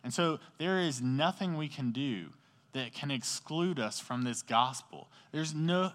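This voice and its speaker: A man with a mid-range, fairly bright voice delivers a casual sermon to a youth group, telling the story in slangy, conversational language and putting questions to the audience. He's in an indoor hall next to a sports field while rain falls outside, and the recording echoes around the hall.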